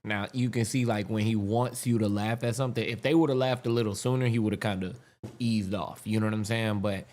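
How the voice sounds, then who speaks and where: A man's voice: on the low side, a little fast. A man hosting a live podcast stream, chatting casually about comedy clips. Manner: relaxed, chatty reactions. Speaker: podcast host.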